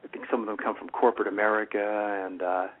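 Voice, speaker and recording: A man's voice: on the low side, steady tone, fast. A man with a New York accent co-hosting a radio talk show, rambling casually with many fillers and restarts. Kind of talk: casual on-air chat. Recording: tinny phone-like radio audio.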